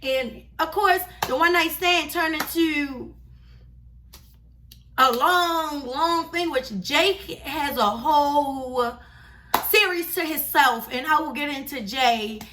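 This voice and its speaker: A young woman vlogger telling a story in a casual, chatty, slangy and animated way. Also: high voice, takes it slowly, distant mic, background noise.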